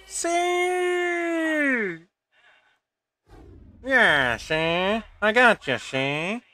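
A man's voice: very high voice, animated, drawn-out words, bright, forceful tone, pitched above the performer's own voice, heavily acted. A man doing a cocky old-timey mob gangster voice, tacking "see?" onto every line. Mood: taunting.

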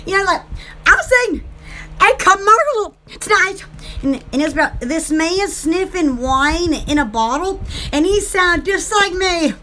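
A woman's voice: very high-pitched, lively intonation, measured pace, pushed and bright, slight background noise. A woman, chatting in a rambling, bubbly way as an online shop host, often breaking into giggles. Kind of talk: casual rambling chat.

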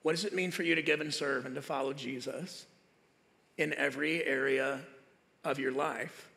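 Southern pastor guy, super gravelly voice, bright tone, talking straight at the church, long reverb. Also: medium pitch, fairly even intonation, normal speed. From American South. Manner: earnest, direct, addressing the congregation. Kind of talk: conversational sermon. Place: church stage.

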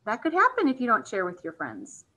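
A woman teacher reading a storybook aloud to small children, pausing to ask them gentle questions. Her voice is bright and lively, rising and falling a lot, and sits a little high. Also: low-quality recording.

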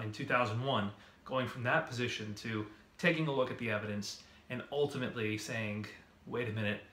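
A man's voice: medium pitch, bright, forceful tone, echoey room, slight background noise. A man co-hosting a video series, explaining ideas in a casual way and posing repeated rhetorical questions. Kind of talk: casual explanatory talk to camera.

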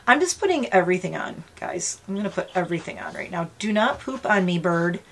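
A woman's voice: mid-range voice, lively intonation, a little fast, hardly any pauses. A woman in her fifties chatting casually as she unboxes gifts on her vlog, gushing and talking to her pet bird. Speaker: vlogger.

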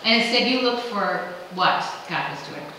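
A woman's voice: medium pitch, animated, normal speed, background noise. A woman pastor giving a conversational, emphatic sermon to her congregation. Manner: conversational, emphatic, quoting imagined questions. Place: church sanctuary. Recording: echoey church from far off.

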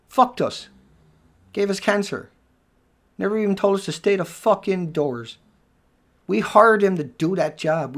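Furious high gravelly man ranting. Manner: furious, swearing, swings between shouting and low muttering. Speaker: video commentator. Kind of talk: angry profane rant over news headlines.

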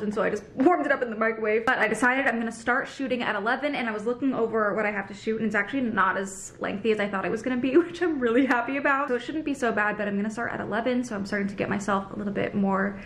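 A woman's voice: a little high, rapid-fire, few pauses, fairly bright tone, a little hiss or hum. A young woman vlogging at home in a chatty, giggly way, recorded on her camera's built-in microphone. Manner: chatty and giggly, rambling asides. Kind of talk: casual vlog chat. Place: at home, indoors. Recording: echoey room on a camera mic.

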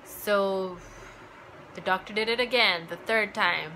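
A young woman tells a personal story to her vlog audience, her voice bright and forward. She talks loosely, stacks up "like" fillers and slips into remembered dialogue. A light hiss sits under the recording. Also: mid-range voice, slow pace, poor audio. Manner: chatty, full of "like" fillers, acts out remembered dialogue. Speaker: vlogger.

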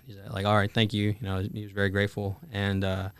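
A Marine in his twenties, appearing as a podcast guest, tells a war story in casual conversation, full of fillers and swearing as he acts out the quoted dialogue. His voice is on the low side, monotone and fast, with a clean tone and a dry, studio-quality recording.

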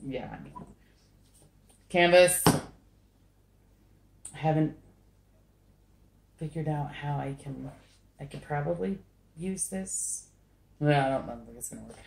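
Slow, low-voiced woman chatting while crafting. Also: lively intonation, vocal fry, a little mellow. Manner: chatty, giggly, self-deprecating. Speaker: acrylic pour artist. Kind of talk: casual craft vlog chat. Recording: echoey room.

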